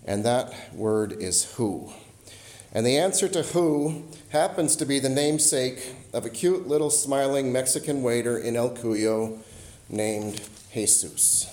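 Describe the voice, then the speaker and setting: A man preaching a sermon as a pastor, telling a personal story and slowing and softening his voice on key lines. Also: mid-range voice, lively intonation. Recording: roomy echo.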